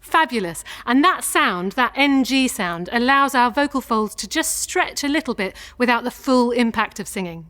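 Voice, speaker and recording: A woman with a fairly high voice leads a singing warm-up, talking learners through each exercise step by step. She shows each sound before asking them to copy it, and her tone stays encouraging throughout. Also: expressive, moderate pace, hardly any pauses. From England. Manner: encouraging, clear instructions, demonstrates sounds. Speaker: singing teacher. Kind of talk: vocal warm-up lesson.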